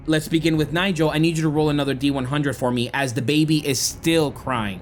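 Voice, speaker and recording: A man's voice: a little high, fairly even intonation, a little fast, hardly any pauses, soft background music. A man narrating a tabletop game as game master, describing the scene dramatically.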